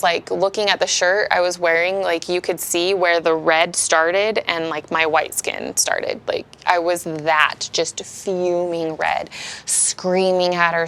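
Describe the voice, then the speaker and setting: A woman's voice: on the low side, gravelly, fairly bright tone. A woman in her thirties giving a candid, emotional personal testimony as a speaker at a support meeting.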